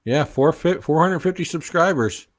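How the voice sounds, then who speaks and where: A man's voice: fairly high pitch, moderate pace, no echo, studio quality. A man joining a live stream as a guest, chatting casually and easily. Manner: easygoing, brief replies, laughs along. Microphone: computer mic.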